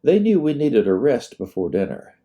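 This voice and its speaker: A man plays a weary plantation daughter glad of a rest. The voice is low-toned and mellow. It is a storybook reading. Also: huge pitch swings, normal speed, highs cut off.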